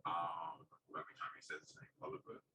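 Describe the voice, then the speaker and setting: A man on a discussion panel, speaking in a reflective, animated way about working with young people. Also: a bass voice, quick pace, echoey room. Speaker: panelist, community youth worker. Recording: distant mic with room noise.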